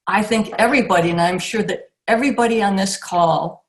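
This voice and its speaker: An older woman giving a reflective acceptance speech over a video call, pausing often and restarting her sentences. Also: medium pitch. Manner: warm, reflective, with frequent pauses and restarts. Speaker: award recipient.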